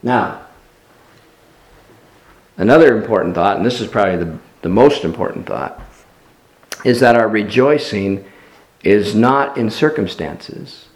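Slow, earnest preacher in an echoey room. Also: male voice, on the low side, lively intonation. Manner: unhurried, earnest preaching with many restarts and fillers. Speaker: pastor. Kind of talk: sermon. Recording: roomy echo.

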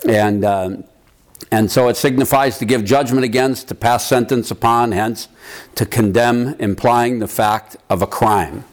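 A man leading an informal Bible study, talking through a passage in a conversational, halting way and checking in with his listeners. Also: mid-range voice, fairly even intonation. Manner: conversational, halting, quizzes the room. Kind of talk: informal Bible teaching to a group.

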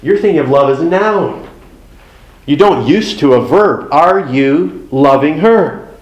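A man's voice: a little high, expressive, measured pace, echoey room, muffled recording. A man preaching a sermon in a conversational way, with folksy asides and acted-out exchanges. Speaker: pastor.

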